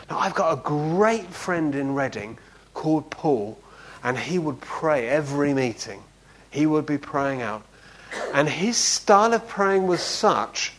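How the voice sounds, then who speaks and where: A man preaching in a relaxed, storytelling way, his voice rising and falling widely. He speaks slowly and often pauses to check that his listeners are following him. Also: a little high. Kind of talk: conversational sermon with anecdotes.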